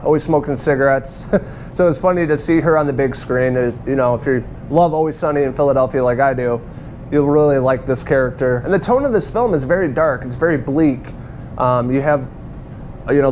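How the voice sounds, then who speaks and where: A man's voice: medium pitch, darkish tone, a little hiss or hum. Casual, chatty man reviewing a film. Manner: chatty and rambling, swears freely, laughs now and then. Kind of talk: casual spoken movie review.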